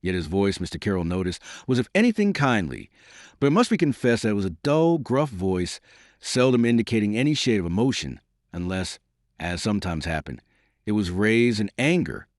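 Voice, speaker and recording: Male audiobook narrator, low voice that swings widely, dry close sound, theatrical read. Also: moderate pace, no echo. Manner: expressive, theatrical reading. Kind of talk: scripted narration.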